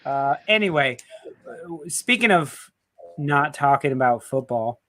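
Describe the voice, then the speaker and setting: A man co-hosting a football fan show over a video call, joking, animated and laughing often. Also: medium pitch, measured pace. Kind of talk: casual banter on a live video show.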